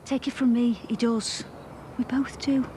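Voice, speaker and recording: A woman's voice: on the high side, flat delivery, measured pace, warm tone, a little hiss or hum, lightly acted. Actress playing a protective mother. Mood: soothing. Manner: scolding, then soothing. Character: worried mother, pious and protective. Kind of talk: TV soap drama acting.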